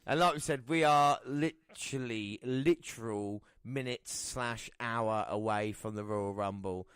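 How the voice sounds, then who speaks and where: Guy cohosting, smooth clear voice, jokey, dry mic. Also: medium pitch, unhurried, fairly bright tone, no echo. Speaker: podcast co-host. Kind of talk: casual chat and news reading.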